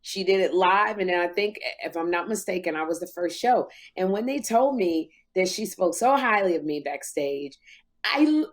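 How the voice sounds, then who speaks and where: A woman in her fifties, a talk show host, telling an emotional story in casual podcast chat, jumping high in pitch when she quotes herself. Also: expressive, moderate pace. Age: 50s.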